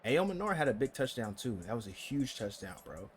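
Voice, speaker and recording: A man's voice: mid-range voice, brisk, a little hiss or hum. A young man commenting casually on his football video game, talking to the game in slang and getting worked up over big plays. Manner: excitable, talks to the game, slangy. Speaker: gaming channel host.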